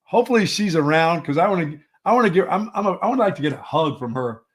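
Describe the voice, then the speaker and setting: A man's voice: fairly high pitch, lively intonation, quick pace. A man co-hosting a sports radio show, telling rambling stories in casual banter and often restarting his words.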